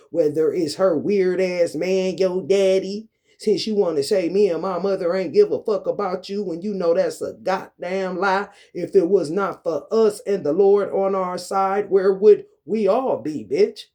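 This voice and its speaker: A man's voice: high voice, measured pace. Man in an angry, profane rant. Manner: profane, confrontational, swings from loud to muttered. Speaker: vlogger. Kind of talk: angry ranting monologue.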